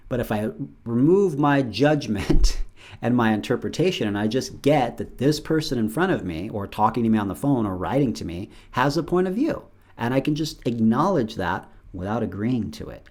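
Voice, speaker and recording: Talking casually on his own, a middle-aged show host acts out bits of dialogue in playful voices. His voice is mid-range and a little mellow.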